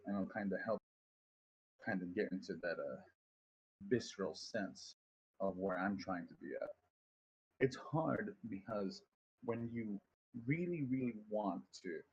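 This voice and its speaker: A man's voice: fairly low pitch, darkish tone, slightly rough, dull audio. A man casually teaching voice acting on a stream, rambling, swearing freely and poking fun at himself. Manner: rambling, profane, self-deprecating.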